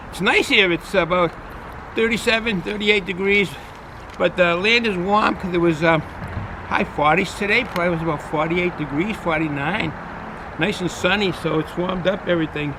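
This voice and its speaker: A man's voice: high-pitched, pushed and bright, slight background noise, poor audio. A man with a Boston accent rambling chattily through a casual beer review, full of fillers and repeats, recorded outdoors in the cold. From New England, US.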